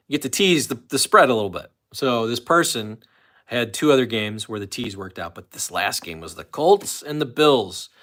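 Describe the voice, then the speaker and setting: A man's voice: lowish voice, pushed and bright. A man hosting a casual live stream, rambling about sports betting and news and reading viewers' comments aloud. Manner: rambling, chatty, reads chat comments aloud.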